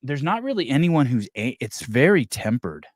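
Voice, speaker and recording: A man's voice: medium pitch, big pitch swings, moderate pace, no echo, clean studio sound. A man hosting a podcast in casual chat, swearing freely and restarting his sentences often. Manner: profane, rambling, many restarts. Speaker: podcast host. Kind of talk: casual live-stream chat taking calls.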